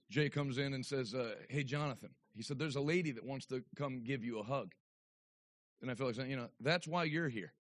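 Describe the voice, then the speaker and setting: A man with a high voice preaches in a church. He moves from loud, emphatic declarations to low, conversational anecdotes, then builds back up to rousing calls. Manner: swings from loud preaching to quiet storytelling. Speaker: evangelist. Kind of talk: sermon. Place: church sanctuary.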